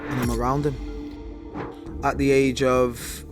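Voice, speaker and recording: Mancunian man in his twenties, monotone storyteller with music bed; slang-heavy interview guest. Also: mid-range voice. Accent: Manchester English. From Manchester, England. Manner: animated street slang, quick bursts. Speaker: guest, former fighter. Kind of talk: candid storytelling.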